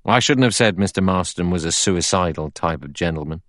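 A man's voice: low voice, expressive, a little fast, dry recording, clean studio sound. A man voicing a blunt, plain-spoken middle-aged man who muses thoughtfully.

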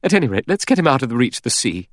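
Man doing a young woman, raised high pitch, tense, pleading, dry close audiobook sound. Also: sing-song, racing, no room sound, lightly acted. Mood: defiant. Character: frightened, defiant young woman.

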